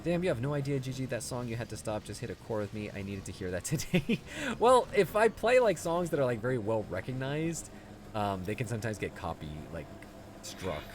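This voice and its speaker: A man's voice: mid-range voice, big pitch swings, fairly quick, a little hiss or hum. A man streaming a video game, chatting casually and answering his chat as he plays. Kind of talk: casual gameplay commentary.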